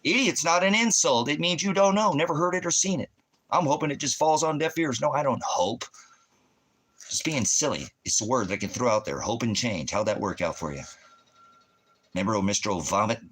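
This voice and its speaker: A man hosting a ministry livestream, ranting in an angry, scornful and combative way, swearing loudly. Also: mid-range voice, expressive, a little fast, breathy edge. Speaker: ministry host reading viewer comments. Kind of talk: profane livestream rant.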